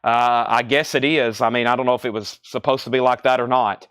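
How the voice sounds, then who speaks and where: A man hosting a live record sale, briskly reading off buyer names and prices, out of breath. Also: mid-range voice, steady tone, fairly bright tone, smooth, no echo. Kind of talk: live-stream sales patter.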